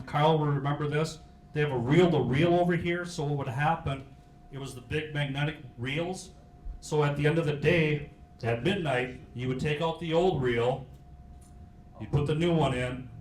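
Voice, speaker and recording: A middle-aged man, a county sheriff giving an informal history talk in a meeting hall, folksy and joking, with many fillers. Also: medium pitch. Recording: roomy hall with faint hiss.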